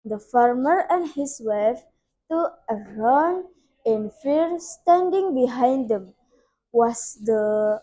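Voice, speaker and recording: Slow, high-voiced Indonesian girl reading a story. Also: poor audio. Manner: slow, careful reading with small slips. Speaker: student storyteller. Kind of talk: reading a fairy tale aloud.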